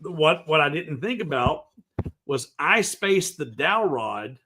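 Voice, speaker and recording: Southern US man hosting a livestream, fairly high and forceful voice, chatty, rambling, keeps restarting his sentences. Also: big pitch swings, takes it slowly, slight background noise. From American South. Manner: rambling, friendly, many restarts. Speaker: livestream host. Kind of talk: casual livestream chat.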